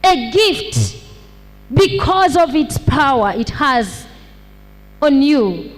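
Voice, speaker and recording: A woman pastor delivering a sermon, preaching slowly and repeating points for emphasis, with rhetorical questions to the congregation. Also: sits high, very animated. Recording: long hall reverb.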